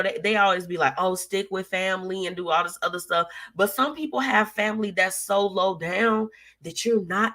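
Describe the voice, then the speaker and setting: A young woman hosts a live show, reading viewer comments aloud in a casual, sassy way with plenty of slang and laughter. Her voice sits on the low side with a fairly bright tone.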